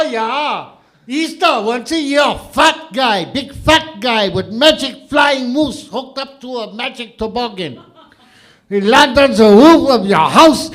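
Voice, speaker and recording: A man playing a loud, overexcited guy who blurts out answers at full volume. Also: high voice, pitched above the performer's own voice, heavily acted. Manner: yelling, blustering.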